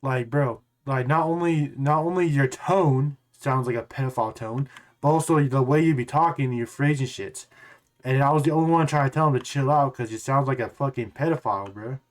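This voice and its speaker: A man's voice: medium pitch, a little fast. A man in casual talk to camera as a gaming YouTuber, rambling and restarting, with blunt swearing. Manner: rambling, repeats words and restarts.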